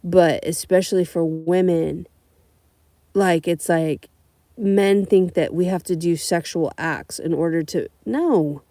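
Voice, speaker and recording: A woman's voice: fairly low pitch, slow pace, no echo, clean studio sound. Blunt, foul-mouthed woman telling stories. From California. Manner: blunt, profane, animated storytelling. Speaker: rideshare driver. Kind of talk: casual livestream storytelling.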